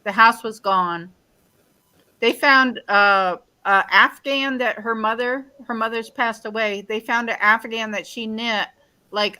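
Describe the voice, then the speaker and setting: A woman's voice: medium pitch, pushed and bright, poor audio. A woman chatting casually, telling a family story in a conversational way. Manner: conversational, short reactions, storytelling. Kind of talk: casual chat.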